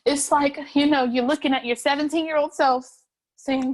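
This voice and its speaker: Emotional young woman, high animated voice. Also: a little slow. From North Carolina, USA. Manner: animated, laughing, voice breaking with emotion. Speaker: interviewee, street artist. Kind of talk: emotional oral history interview.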